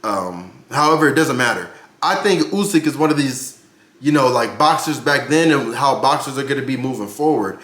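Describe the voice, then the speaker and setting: A man's voice: mid-range voice, expressive, normal speed, fairly bright tone, roomy sound. A man giving casual boxing commentary for his channel, brash and profane, ranting with big swings in his voice.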